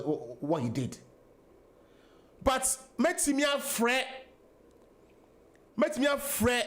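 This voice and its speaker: A man's voice: very high voice, fairly bright tone. A Ghanaian man hosting a political talk radio show, giving an emphatic monologue that mixes English and Twi.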